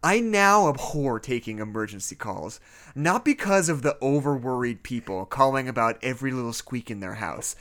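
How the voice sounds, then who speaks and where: Lively man reading a story aloud. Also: medium pitch, normal speed. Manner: reads aloud, breaks off to laugh and joke. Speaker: podcast co-host reading a story. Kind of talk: comedic story reading with banter.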